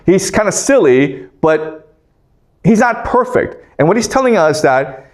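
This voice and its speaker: Animated man lecturing, constant "okay?". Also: sits high, measured pace. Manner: reads scripture aloud then paraphrases casually. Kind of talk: university lecture.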